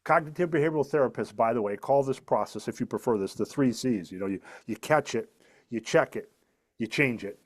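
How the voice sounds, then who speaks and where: A middle-aged male author and speaker, talking a little fast at a medium pitch, earnestly explains a method in a podcast interview. He teaches emphatically, circling back to repeat his central points.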